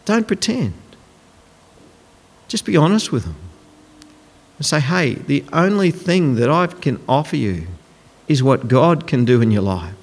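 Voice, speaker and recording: A man's voice: a little high, sing-song, a little slow, long pauses, breathy edge. A man preaching a sermon in a conversational, emphatic way, acting out quotes as he goes. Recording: long hall reverb.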